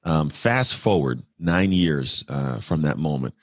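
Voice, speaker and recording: A man's voice: extremely low pitch, expressive, dry recording, studio quality. A man in his forties from California, a podcast guest telling his life story in an earnest, reflective way. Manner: earnest, reflective, fast-flowing with restarts. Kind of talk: candid storytelling interview.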